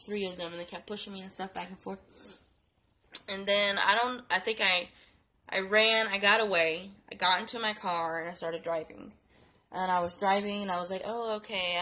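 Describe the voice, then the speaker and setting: A woman's voice: medium pitch, bright, forceful tone, low-quality recording. A young woman telling a story in a casual vlog, tired and sick, rambling with many fillers and restarts. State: sleepy and sick, yawning. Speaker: vlogger.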